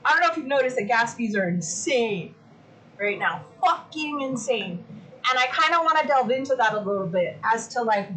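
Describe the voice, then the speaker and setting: A woman hosts a casual livestream from her home, chatting to her viewers in a loose, excitable way. She swears freely. Her voice sits high and sounds bright and forward. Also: poor audio. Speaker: livestream host.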